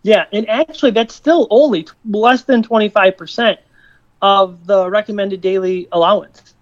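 A man as a podcast guest explaining his product, pitching it with lots of figures. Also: normal speed, no room sound. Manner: pitching, explanatory and fact-heavy. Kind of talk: interview answers. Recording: dull, dry lo-fi audio.

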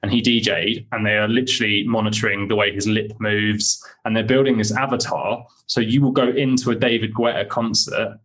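A young man, a podcast guest, telling excited, rambling stories in casual chat with many fillers. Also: on the low side, brisk, hardly any pauses.

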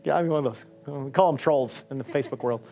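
A male pastor preaching a sermon in a conversational, animated way, with emphatic peaks. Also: medium pitch, quick pace, gravelly, faint music behind.

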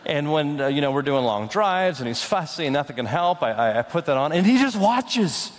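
A young adult man preaching a sermon, swinging from loud, rising declarations to hushed, slow intensity. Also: a little high, sing-song. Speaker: pastor. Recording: long hall reverb.

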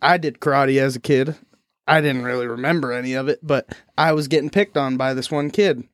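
A man's voice: medium pitch, steady tone, a little fast, no echo, clean studio sound. A man co-hosting a podcast in casual chat, joking about himself. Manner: joking, self-deprecating. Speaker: podcast co-host.

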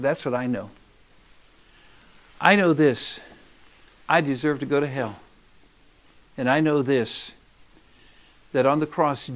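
A man preaching a sermon, emphatic, swinging between loud urging and hushed asides. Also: medium pitch.

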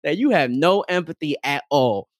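Animated man telling stories, dry close sound. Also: fairly high pitch, moderate pace, no room sound. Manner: animated storytelling, acts out quoted voices, laughs often; frequent fillers like "like" and "um". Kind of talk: casual conversation.

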